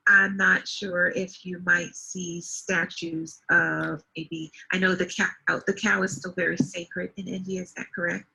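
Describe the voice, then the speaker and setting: A woman tutor explains words patiently in a one-to-one English lesson over a video call. Her voice is bright, with some gravel and husk to it. She speaks steadily and clearly for the student. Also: lowish voice, level tone, unhurried, few pauses, low-quality recording.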